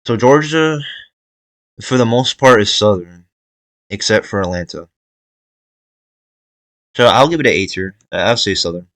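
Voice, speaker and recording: A man's voice: fairly low pitch, lively intonation, a little slow, pauses often, a bit bright, no room sound, poor audio. A young man giving casual tier-list commentary, thinking aloud with fillers and restarts. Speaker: video creator ranking states.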